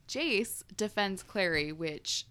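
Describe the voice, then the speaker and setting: A woman with a bright, ringing voice talks casually as a podcast co-host. She recaps a book chapter in a chatty way and breaks into laughs often. Her pitch sits in a middle range. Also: lively intonation, very slow, smooth. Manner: chatty, laughs often while recounting the story. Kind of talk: casual chat.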